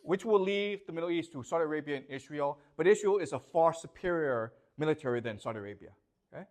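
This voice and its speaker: Lively man lecturing a class. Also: fairly high pitch, fast talker. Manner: repeats questions to students, checks understanding often.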